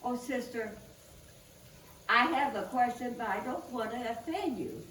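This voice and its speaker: A woman's voice: on the high side, expressive, unhurried, fairly bright tone, reverberant, distant mic, slight background noise, poor audio. A woman voicing a nervous male cab driver in a joke, speaking hesitantly and apologetically.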